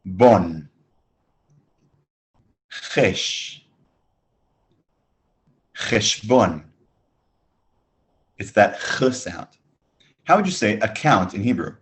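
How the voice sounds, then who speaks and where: A man leads a beginners' Hebrew lesson over a webinar microphone. His voice sits a little low, and he spaces out each word for listeners to echo back. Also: big pitch swings, a bit bright. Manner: slow, drilled listen-and-repeat prompts. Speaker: Hebrew teacher. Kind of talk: online language lesson.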